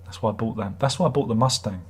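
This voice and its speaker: Chatting casually on his livestream, this middle-aged British host wanders from topic to topic with wry self-mockery. He speaks fast in a husky voice that sits on the low side.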